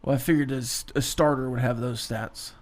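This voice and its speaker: A man co-hosting a sports radio show, laid-back in casual chat, with quick quips and short replies. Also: medium pitch, fairly even intonation.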